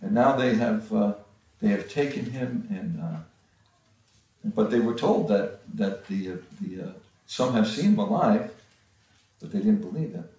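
A man giving a halting Bible-teaching sermon, with frequent restarts and pauses. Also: lowish voice, expressive, a little mellow. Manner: halting, many restarts and fillers. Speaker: preacher. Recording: far from the mic in a very echoey room.

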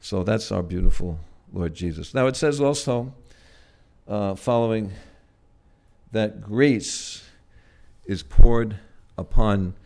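A man preaching a sermon in a gentle, halting way, pausing often and swelling loud on key words before dropping soft again. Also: on the low side, vocal fry. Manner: gentle, halting, with frequent "uh" and restarts.

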